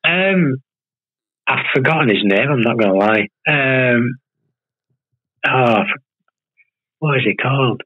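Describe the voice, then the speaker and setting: A man's voice: mid-range voice, animated, slow, long pauses, phone-quality sound. A man from the UK, a guest comedian, chatting in a laid-back way with lots of fillers over a remote call. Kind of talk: casual chat interview.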